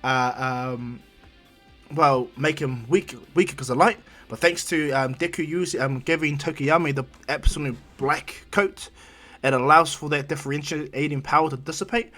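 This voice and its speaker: A man's voice: a little high, normal speed, a bit bright, soft background music. A man casually retelling a fan-made story, rambling with many restarts and acting out the characters' lines.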